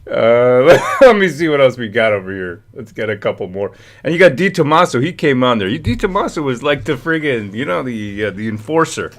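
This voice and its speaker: A man's voice: medium pitch, sing-song, brisk, hardly any pauses. A man co-hosting a livestream, rambling in casual chat, reading the chat and laughing often. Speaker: livestream co-host.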